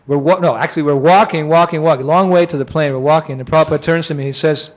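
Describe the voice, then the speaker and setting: A man, a monk, giving an animated, anecdotal lecture and chuckling often as he tells stories. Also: fairly high pitch, fast talker.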